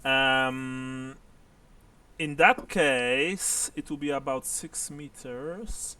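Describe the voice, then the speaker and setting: A man narrating as game master of a tabletop game, halting and full of fillers. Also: mid-range voice, bright, forceful tone, clean tone, recorded from a distance.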